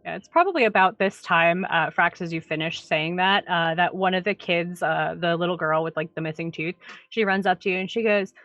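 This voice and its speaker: A woman's voice: fairly low pitch, a little fast, fairly bright tone, no echo, muffled recording. Chatty woman game master. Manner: chatty, filler-heavy. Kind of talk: tabletop game narration.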